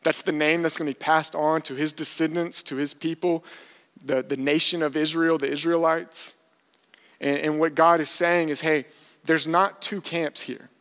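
Earnest preacher in a reverberant hall. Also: male voice, a little high, flat delivery, normal speed, fairly bright tone. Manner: earnest preaching, builds to impassioned emphasis. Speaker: pastor. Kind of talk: sermon.

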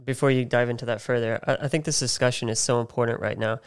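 Smooth-voiced young man hosting. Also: mid-range voice, steady tone, fast. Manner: thoughtful, starts with stammered restarts. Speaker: podcast host. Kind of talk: casual podcast conversation.

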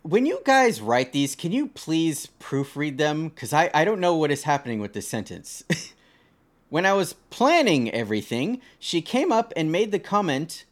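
A man's voice: on the high side, moderate pace. A young man co-hosting a casual podcast, reading online posts aloud and reacting with swearing and jokes. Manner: animated, swears freely, laughs and jokes about the posts. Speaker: podcast co-host.

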